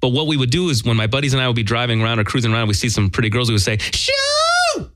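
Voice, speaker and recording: A man's voice: medium pitch, very fast, no room sound. A man co-hosting a casual radio talk show, joking and making fun of himself as he chats with his partner. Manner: animated, jokey, self-deprecating. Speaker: co-host.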